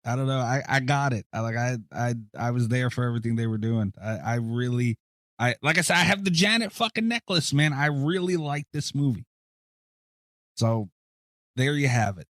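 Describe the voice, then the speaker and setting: A man co-hosting a horror movie podcast in casual chat, animated and swearing freely. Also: mid-range voice, moderate pace, no room sound, studio quality. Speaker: podcast co-host.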